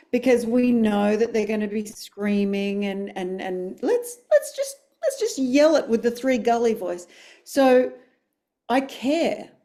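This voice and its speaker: A woman's voice: mid-range voice, dark tone. A woman, a dialogue coach speaking on a webinar panel over a video call, effusive and emphatic.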